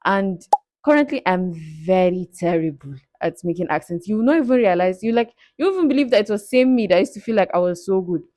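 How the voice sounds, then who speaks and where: A woman's voice: mid-range voice, expressive, fast talker, warm tone, no room sound, studio quality. A young woman, answering viewer questions in a candid, playful way that breaks into frequent laughs. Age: 20s. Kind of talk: casual Q&A vlog.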